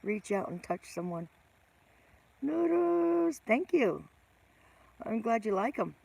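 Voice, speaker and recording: A woman's voice: on the high side, big pitch swings, slow pace, creaky, warm tone, dry recording. A middle-aged woman hosting a casual live stream, greeting viewers by name and teasing herself.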